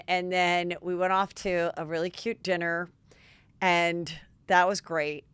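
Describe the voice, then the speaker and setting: Woman, podcast host, gossipy, animated storytelling, smooth voice, dry close mic. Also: fairly low pitch, no echo. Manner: gossipy, animated, quick asides. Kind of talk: casual chat.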